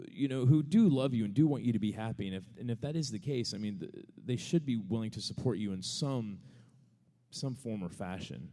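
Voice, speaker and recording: A man's voice: mid-range voice, warm tone, in a large hall. A man co-hosting a live podcast, answering an audience question in a casual, rambling storytelling way, laughing often. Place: large venue before a live audience.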